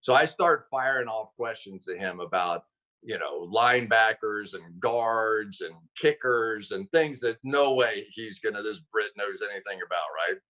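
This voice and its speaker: A man, a football analyst guest on a sports talk show, telling stories casually and acting out quotes with sudden jumps in pitch. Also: a little slow, sharp tone, muffled recording.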